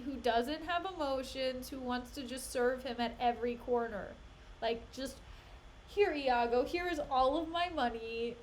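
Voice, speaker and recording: A young woman streaming a play reading, breaking off into animated, exasperated rants and laughter. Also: high voice, a little hiss or hum. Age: young adult. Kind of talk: casual live-stream commentary.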